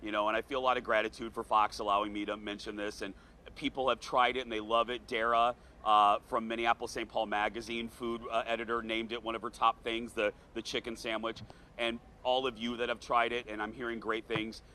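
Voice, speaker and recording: A man from the American South hosting a morning TV show outdoors at a fair, earnest and emotional, speaking slowly. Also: medium pitch, level tone, sharp tone, a little hiss or hum. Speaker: TV show host. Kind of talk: morning TV chat. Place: outdoor state fair set.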